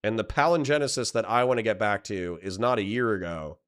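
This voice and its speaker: A man's voice: on the low side, a little fast, a bit bright. A man streaming live, rambling and swearing while he comments and reads chat messages aloud.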